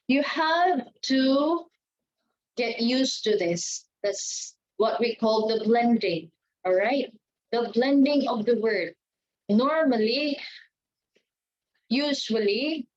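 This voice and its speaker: Woman, teacher, slow and careful, higher voice, dull lo-fi recording. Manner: slow, deliberate, checks in with "okay" and "right". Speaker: English test teacher. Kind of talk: exam tips lesson. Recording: dull lo-fi sound.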